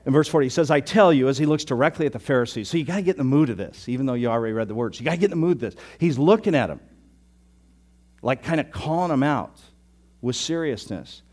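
Teasing the congregation as he goes, this preacher narrates with energy and abrupt bursts of volume. He speaks at a medium pitch and a quick pace.

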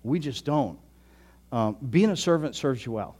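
A pastor in his sixties telling a story in a sermon, chatty, often repeating himself and dropping to a soft voice. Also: mid-range voice, lively intonation, measured pace. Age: 60s. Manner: conversational, repeats words, drops to soft tones.

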